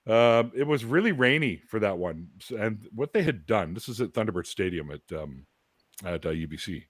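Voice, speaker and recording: Lively canadian guy in his 40s, low voice, swoopy pitch, laughs and does voices while telling stories, dry sound. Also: normal speed, no room sound. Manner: animated, laughing storyteller who acts out voices. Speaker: guest. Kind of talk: casual storytelling chat.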